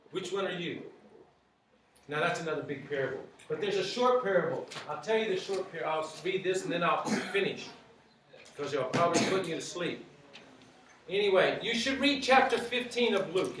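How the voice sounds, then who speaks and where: High-voiced man teaching in an echoey space. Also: a bit bright, a little hiss or hum. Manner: asks many rhetorical questions; repeats phrases. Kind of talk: teaching a group. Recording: very echoey, from far off.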